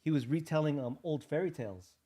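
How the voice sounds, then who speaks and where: A man's voice: on the high side, fast talker, mellow, husky. Laid-back rambling man in his fifties. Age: 50s. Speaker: guest artist. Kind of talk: casual interview chat.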